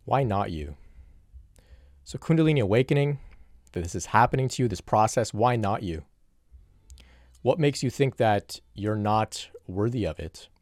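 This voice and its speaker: Solo Q&A host: man, low voice, thoughtful and casual, dry close recording. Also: lively intonation, normal speed, darkish tone, no room sound. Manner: reflective, conversational, frequent restarts and "you know". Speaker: spiritual teacher answering viewer questions. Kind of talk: solo Q&A talk.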